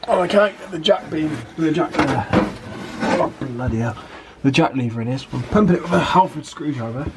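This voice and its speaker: Slightly high-pitched with lively intonation and a normal pace, the British van conversion vlogger chats casually while working under and inside the van in his workshop. He curses freely and tosses off dry, self-mocking asides, and clicks and workshop noise run through the recording.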